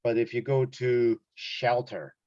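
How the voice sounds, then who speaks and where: A man's voice: medium pitch, flat delivery, slow pace, darkish tone, no echo, highs cut off. A man teaching an English test-prep lesson one-on-one, explaining casually with examples and many fillers.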